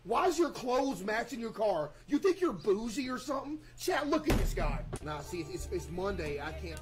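Man streamer yelling orders over music. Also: sing-song, normal speed, hardly any pauses. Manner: shouts commands, then drops to low mumbled asides. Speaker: streamer playing games for a live chat. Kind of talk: live game-stream chatter.

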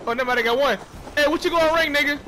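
A man giving casual, profane, excitable commentary while playing a video game, trash-talking the enemies. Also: very high-pitched, racing. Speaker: gaming streamer. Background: game music.

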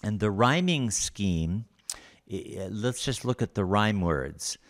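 Male lecturer, low-pitched and slow, patient explanatory delivery for a slide lecture. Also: lively intonation. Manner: unhurried, explanatory, with frequent pauses. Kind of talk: recorded lecture over slides.

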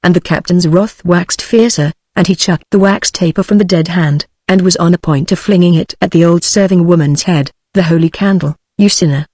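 A synthetic audiobook voice reads the story in a steady, middle-pitched tone. The sound is close and dry, with no room around it. Its delivery is even and machine-made throughout. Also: normal speed, few pauses, no echo. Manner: even synthetic text-to-speech reading. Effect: text-to-speech voice. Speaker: audiobook narrator. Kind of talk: scripted narration.

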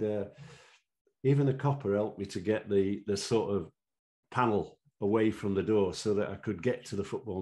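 A former referee from Sheffield, England, now in his 70s, appears as an interview guest telling anecdotes. His voice is low and mellow. He rambles, uses fillers, and chuckles as he goes.

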